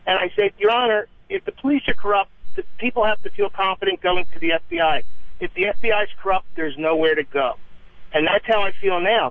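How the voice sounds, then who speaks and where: A man's voice: high-pitched, dry recording. An older man calling into a radio show, earnest and stumbling over restarts. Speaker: caller, retired probation officer. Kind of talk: phone-in caller. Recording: tinny phone line.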